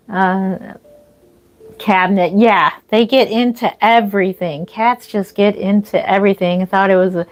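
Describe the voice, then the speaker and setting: A middle-aged woman chatting casually on a livestream from her home, rambling with restarts and small laughs. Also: medium pitch. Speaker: reborn doll artist hosting a livestream. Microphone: phone or camera mic, walks away at times.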